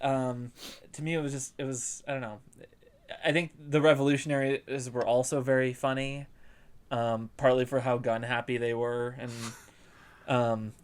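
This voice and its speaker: Male panelist, mid-pitched, lively when retelling scenes. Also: moderate pace, clean tone. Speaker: podcast panelist. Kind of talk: casual film discussion.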